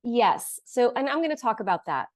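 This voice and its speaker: A woman's voice: fairly high pitch, very animated, normal speed, no echo. A woman co-hosting a podcast, easygoing and supportive, starting to tell a story in casual chat. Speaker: podcast co-host.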